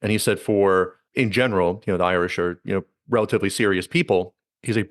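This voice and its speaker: A man hosting a podcast talks fast and loose, tumbling through restarts and fillers in a lowish voice. The sound is close and dry, with no room around him. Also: no echo. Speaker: podcast host. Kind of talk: casual conversational chat.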